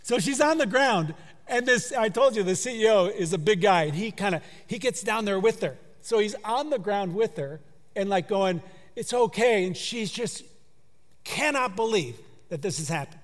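A man preaching a sermon through a story, in a conversational way that drops to a hush for emphasis. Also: high voice, lively intonation, moderate pace. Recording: long hall reverb.

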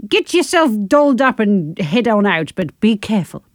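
A woman's voice: mid-range voice, big pitch swings, moderate pace, no room sound, studio quality. A woman co-hosting a comedic advice podcast, with a playful, teasing and bossy manner. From United Kingdom. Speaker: podcast co-host.

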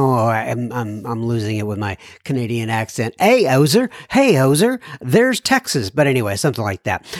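A man hosts a podcast and reads listener letters aloud, breaking off into rambling, self-interrupting jokes. His voice sits a little high for a man and swings widely in pitch. The sound is dry and close, with no room echo. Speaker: podcast host reading listener mail. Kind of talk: casual podcast chat.

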